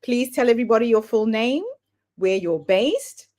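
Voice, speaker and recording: A woman's voice: fairly high pitch, animated, moderate pace, a little mellow. A woman hosting a podcast, welcoming her guest with an effusive greeting. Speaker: podcast host.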